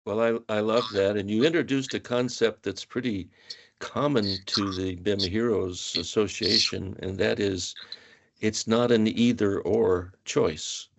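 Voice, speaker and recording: A man's voice: lowish voice, steady tone, unhurried, vocal fry. A man hosting a panel discussion, thoughtful and affirming as he poses questions. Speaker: host.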